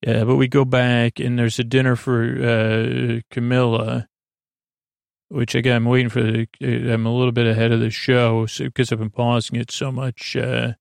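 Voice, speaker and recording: A man with a gravelly voice drifts through a sleep-podcast recap of a TV episode, full of filler sounds and restarts. His delivery stays flat and even, with little rise or fall. The recording is close and dry. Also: mid-range voice, dry recording. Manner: halting and meandering, with many filler sounds and self-corrections.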